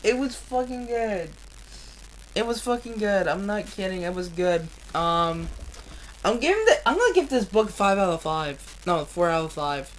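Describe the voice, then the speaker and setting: A woman reading a novel aloud on a live stream, earnest and deliberate, with blunt, profane asides between passages. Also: mid-range voice, very animated, slight background noise, poor audio. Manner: slow, earnest reading with frequent swearing in asides.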